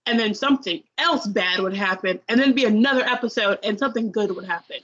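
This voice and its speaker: A woman's voice: medium pitch, quick pace, a bit bright. A young woman co-hosting a podcast, telling a long, rambling story about binge-watching a show in a casual review chat. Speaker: podcast co-host. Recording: dull lo-fi sound.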